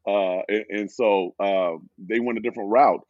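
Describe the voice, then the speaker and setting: A man's voice: moderate pace, no room sound, lo-fi sound. A middle-aged man, a former pro football player, telling stories in a podcast interview and acting out quoted exchanges. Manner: animated storyteller, acting out quoted exchanges in a higher voice.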